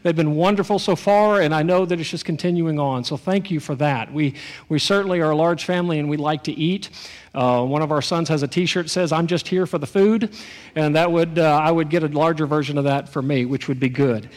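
A pastor delivers his sermon in a high, bright-sounding voice. His talk is folksy and light, full of storytelling asides. The sound trails off in a long church-hall reverb. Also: brisk. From Texas. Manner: folksy storytelling with a joking touch.

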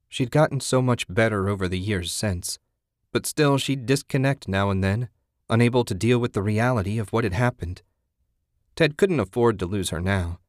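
A man reading a horror story aloud in a steady, grim voice. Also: fairly low pitch, dry recording, studio quality.

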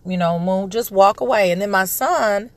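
A woman's voice: medium pitch, moderate pace, no echo. Woman in her thirties, casual podcast host, slightly congested voice, dry close recording. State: recovering from a respiratory illness, throat clearing. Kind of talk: casual monologue.

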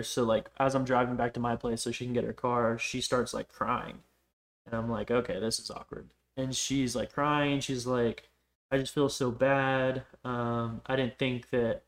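A young man tells a long personal story in a loose podcast chat. He rambles, swears easily and fills his sentences with "like". His voice sits at an ordinary middle pitch. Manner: rambling, profane, heavy on "like" fillers. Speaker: podcast guest. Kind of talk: casual storytelling.

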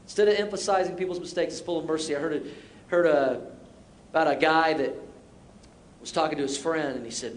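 High-voiced pastor preaching in a roomy church. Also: male voice, a little fast, long pauses. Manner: conversational, self-deprecating humor with repeated short exhortations. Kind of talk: sermon. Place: church sanctuary. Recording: roomy church sound with faint rumble.

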